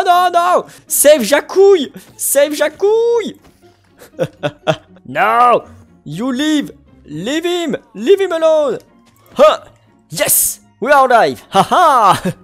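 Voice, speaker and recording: Animated game commentator. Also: sits high. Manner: playful, exclamatory, makes silly sound effects. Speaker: gaming channel host. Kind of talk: Minecraft let's-play commentary.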